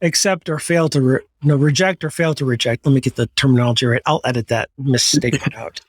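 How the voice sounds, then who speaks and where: A man hosting a podcast interview, playful and teasing, with quick asides. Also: medium pitch, fairly even intonation, dry recording. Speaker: podcast host. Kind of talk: casual interview chat. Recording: dry, close sound.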